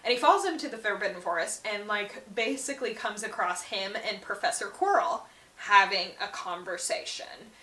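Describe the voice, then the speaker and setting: A woman hosting a book channel gives a casual, chatty recap, slipping in and out of the characters' quoted lines. Her voice is medium-pitched and sharp, at a moderate pace, recorded with a distant mic and roomy echo.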